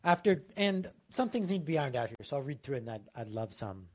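A man co-hosting a casual podcast, playfully reading out a story pitch with joking asides. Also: big pitch swings, fast talker, husky. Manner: playful, reads aloud with self-deprecating asides. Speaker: podcast co-host.

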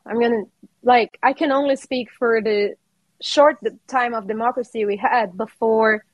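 Brazilian woman guest on a podcast, bit high voice, fired up and emphatic, dry close sound. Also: no echo. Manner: passionate and emphatic, with many restarts. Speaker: guest, artist and actor. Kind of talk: casual podcast interview.

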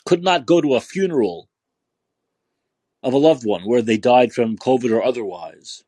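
Podcast host, man, furious profane rant, lively husky voice, dry close mic. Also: medium pitch, no echo. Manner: yelling, profane, repeats rhetorical questions. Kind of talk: angry political rant.

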